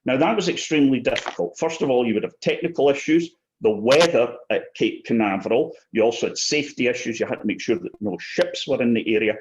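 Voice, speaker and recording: Man, 60s, mid-pitched, rambling anecdotal guest, muffled lo-fi recording. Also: fairly quick, few pauses. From Britain. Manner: anecdotal, frequent throat clearing. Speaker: interview guest, former paratrooper. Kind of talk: casual storytelling. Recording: slightly muffled lo-fi audio.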